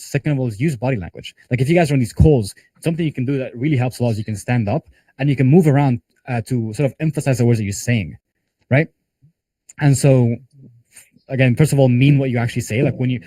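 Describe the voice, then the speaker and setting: Male sales coach leading a team call; rapid, casual delivery with a warm, low-bright tone. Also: no echo. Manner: conversational, talks with hands-on examples and casual fillers. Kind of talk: live group training call.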